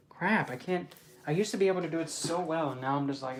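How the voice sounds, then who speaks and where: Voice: mid-range voice, fast talker, slight background noise. Giggly rambling livestream host. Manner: talks back to chat with pet names. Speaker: streamer hosting an open chat. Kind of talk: casual livestream chat.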